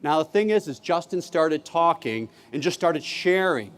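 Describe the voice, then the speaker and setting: High, animated man speaking in a reverberant hall. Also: moderate pace. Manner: animated, acts out classroom dialogue. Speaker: keynote speaker, former teacher. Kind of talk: conference keynote storytelling. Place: large conference hall.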